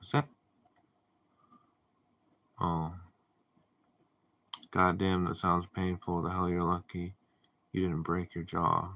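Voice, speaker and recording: A man hosting a casual livestream, reading viewer comments aloud and answering them in a deadpan, drowsy way. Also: low voice, slow pace, long pauses. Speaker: livestream host.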